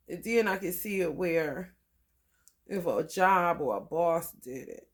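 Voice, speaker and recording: An astrology channel host giving a casual reading, reading passages aloud and breaking off into slangy, profane side comments. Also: medium pitch.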